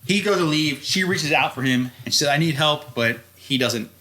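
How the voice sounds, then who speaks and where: A man's voice: on the high side, animated, normal speed, bright, forceful tone. A man co-hosting a podcast, recapping a story in loose, profane chat with frequent laughs. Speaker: podcast co-host.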